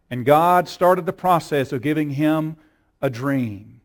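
A man with a drawl preaching from the pulpit, his voice sitting high for a man. He tells his story in looping, repeated phrases and climbs to emphatic peaks. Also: slow. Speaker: pastor. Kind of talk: sermon.

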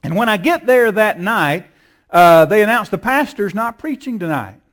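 A pastor with a drawl preaches a sermon from the pulpit, his voice sitting high for a man and a bit bright. He tells his story in looping, repeated phrases, building to emphatic peaks, expressive and at a moderate pace.

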